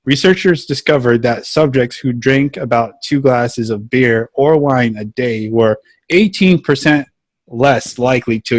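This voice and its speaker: A man hosting a casual podcast, reading a news item aloud with halting fillers. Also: mid-range voice, dry recording. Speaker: podcast host. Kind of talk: casual chat.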